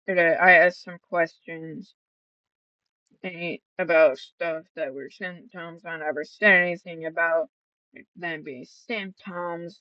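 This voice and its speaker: A woman's voice: fairly low pitch, no echo, highs cut off. A woman gaming vlogger telling a story in casual chat, rambling and swearing, with many fillers and restarts.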